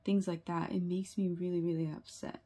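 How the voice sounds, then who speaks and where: A woman's voice: lowish voice, level tone, fairly quick, mellow. A woman giving a tarot reading to her viewers, earnest and sympathetic, often asking "right?" and using fillers. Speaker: tarot reader.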